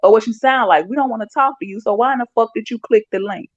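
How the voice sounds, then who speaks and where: A woman's voice: on the high side, fast talker, no room sound, muffled recording. A woman co-hosting a livestream who mocks and scolds a caller in a profane, casual way.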